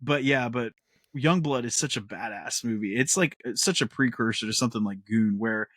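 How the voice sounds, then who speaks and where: A man's voice: mid-range voice, moderate pace, no echo. Podcast host guy, laughs a lot, acts stuff out, dry close sound. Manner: animated, laughs often, acts out quotes. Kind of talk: casual chat.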